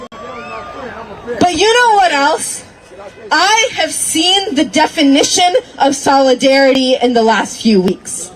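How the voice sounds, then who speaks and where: Impassioned high-voiced woman at a rally. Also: rough recording. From Minnesota. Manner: emotional, near tears, shouting. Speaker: activist speaker. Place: outdoor street protest. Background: crowd.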